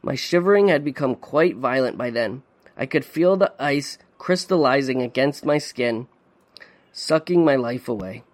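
A man hosting a podcast, reading a dark story in measured, suspenseful narration. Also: medium pitch, expressive. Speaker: podcast host.

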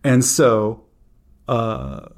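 A man's voice: medium pitch, very animated, extremely slow, slight background noise. A man hosting a podcast in casual chat, dry and teasing, with some filler. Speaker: podcast host.

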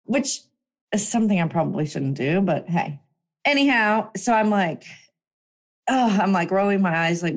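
A young woman telling a personal story in a casual, animated way, full of fillers and acted-out quotes. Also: medium pitch, moderate pace. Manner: animated, chatty, lots of fillers and voiced quotes.

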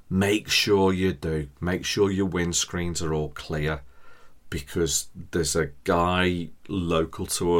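A deep-voiced man talks straight to his listeners as a podcast host. He rants in a jokey, chatty way about everyday annoyances. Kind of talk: casual solo podcast chat.

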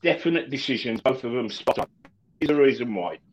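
A man co-hosting a casual fan chat about football, animated and stumbling over his words with many restarts. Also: medium pitch, brisk, highs cut off. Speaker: football podcast co-host.

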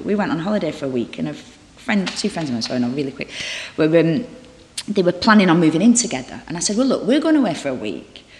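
Woman guest, lower voice, candid rambling talk in a reverberant library room. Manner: chatty, halting, full of restarts and acted-out dialogue. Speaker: actor and guest. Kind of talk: candid conversational interview. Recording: roomy echo with long reverb.

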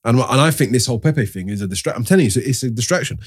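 A man's voice: medium pitch, expressive, very fast, slightly rough. A man, talking football as a podcast co-host in emphatic, slangy banter. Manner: emphatic, slangy, laughs easily. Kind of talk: casual football chat.

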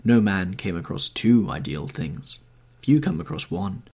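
An earnest, wistful painter, as a male narrator plays him, pleading with feeling. His low voice is gravelly and husky, and it rises and falls a lot. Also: big pitch swings, unhurried, darkish tone, full character voice. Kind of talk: audiobook character reading.

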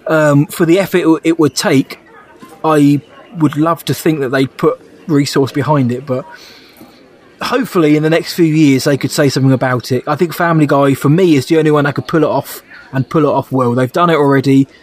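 Man, podcast co-host, slightly high voice, casual chatty banter. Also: steady tone, fast talker. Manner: enthusiastic, chatty, laughs often. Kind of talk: casual chat.

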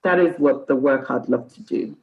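A woman's voice: very deep voice, normal speed, gravelly, phone-quality sound. A woman in her thirties from Nigeria, a podcast guest chatting casually and telling stories with frequent laughter. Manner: laughs often, lively storytelling. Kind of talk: casual interview chat.

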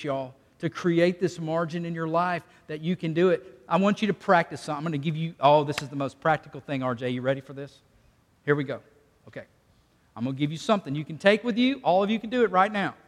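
A man preaching in a folksy, conversational way, pulling the congregation into call-and-response. His voice sits high for a man. The church hall around him carries a long reverb. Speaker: pastor. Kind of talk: sermon. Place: church sanctuary.

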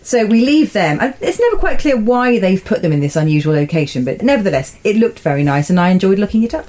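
A woman's voice: medium pitch, big pitch swings, fast, mellow. A woman co-hosting a podcast, recapping a television episode in casual chat, amused and laughing often. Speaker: podcast co-host.

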